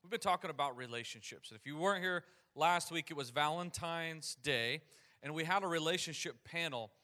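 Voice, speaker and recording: A man preaching a sermon as pastor, energetic and calling out to his congregation. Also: on the high side, fairly quick.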